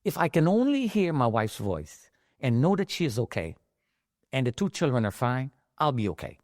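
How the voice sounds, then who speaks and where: Animated middle-aged man telling his story. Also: medium pitch, moderate pace, no echo, studio quality. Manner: animated, acts out the voices of the people in his story. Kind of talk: emotional personal storytelling.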